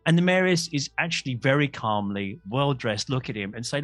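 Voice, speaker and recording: A man's voice: medium pitch, animated, a little fast, a bit bright, no room sound, faint music behind. A man narrating a tabletop game as game master, rambling and self-mocking, tripping over his words. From Australia.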